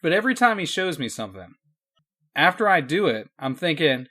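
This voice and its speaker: A man's voice: on the high side, sing-song, brisk, sharp tone. A man co-hosting a casual podcast over a call, wry and self-deprecating. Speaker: podcast co-host. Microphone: remote video call.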